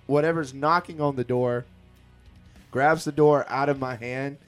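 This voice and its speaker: A man's voice: mid-range voice, fairly even intonation, unhurried, faint music behind. A man casually telling a ghost story on a podcast, laid-back and joking, with plenty of swearing.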